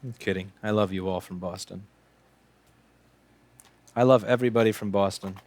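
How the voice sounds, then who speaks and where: A man's voice: lowish voice, steady tone, normal speed, darkish tone. A man in his late twenties, hosting a casual livestream while doing repair work, chatting in a sarcastic, joking, rambling way. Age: late 20s. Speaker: repair technician and stream host.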